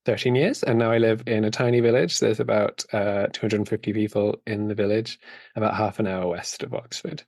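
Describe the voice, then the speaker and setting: A man's voice: on the low side, fairly even intonation, a little fast, vocal fry, darkish tone, no room sound, studio quality. An English man in his late thirties, a podcast guest who chats amiably and laughs often. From England. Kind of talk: casual podcast chat. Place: recorded remotely.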